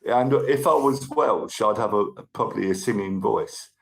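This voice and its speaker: A man's voice: on the low side, normal speed, gravelly, poor audio. A man hosting a casual livestream, chatting with viewers and thanking them by name, with a tickly cough. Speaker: livestream host. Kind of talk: casual live chat reading viewer comments.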